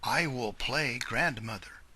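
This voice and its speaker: A man's voice: medium pitch, slow, bright, forceful tone, husky, no room sound, exaggerated voice. A man doing a sly, scheming wolf. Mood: gleeful. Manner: sneaky, gleeful, with whispered scheming. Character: sly male wolf plotting to eat.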